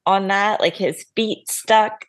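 A woman co-hosting a podcast in casual comedic chat, chiming in with quick remarks and laughs. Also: mid-range voice, steady tone, no echo, studio quality. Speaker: podcast co-host.

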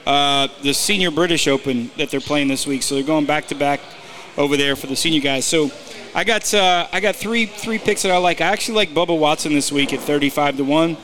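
A man's voice: fairly high pitch, fairly quick, a bit bright. Rambling male golf betting analyst. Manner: rambling, filler-heavy, teasing. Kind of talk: casual chat.

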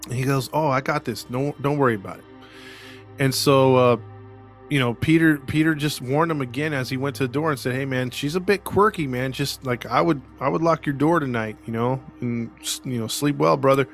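A man's voice: mid-range voice, fairly quick, faint music behind. A man hosting a podcast, retelling a case in casual chat, acting out the quoted voices with frequent laughs. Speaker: podcast host.

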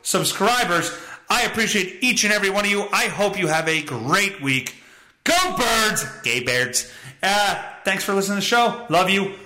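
A man's voice: high-pitched, expressive, moderate pace, pushed and bright, echoey room, low-quality recording. A man hosting his own podcast, ranting in a crude, profane and joking way. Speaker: podcast host. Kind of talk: solo comedic rant podcast.

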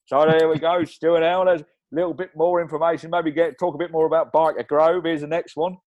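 Guy putting on a loud cheery geordie reporter bloke, dry close sound. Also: fairly high pitch, flat delivery, brisk, no room sound, highs cut off, lightly acted. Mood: chirpy. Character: brash Geordie man, street reporter Uncle Dorrigo.

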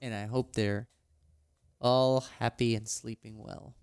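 A man's voice: medium pitch, steady tone, a little mellow, smooth, no room sound, studio quality. A man hosting a casual sports podcast, joking and running through the news in an upbeat way. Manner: jokey, upbeat, talks through news quickly. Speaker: podcast host.

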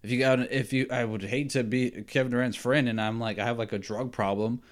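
A man with a mid-range voice hosts a sports podcast. He talks off the cuff and opinionated, rambling from point to point and checking in with a steady "right?". Now and then he chuckles at his own takes. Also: mid-range voice, brisk. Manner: animated, rambling, frequent "right?" and "like". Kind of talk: casual opinionated sports talk.

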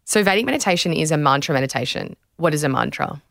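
A woman's voice: low-pitched, expressive, quick pace, vocal fry, no room sound, clean studio sound. A young woman hosting an interview, asking questions and sharing her own experiences in a candid, chatty way. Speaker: host, retired sprinter. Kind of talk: conversational interview.

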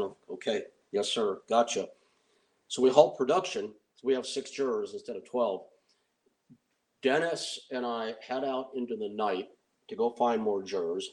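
A middle-aged man casually telling a wry, animated anecdote and acting out the voices he quotes. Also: on the low side, normal speed, poor audio. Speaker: storyteller recounting film production.

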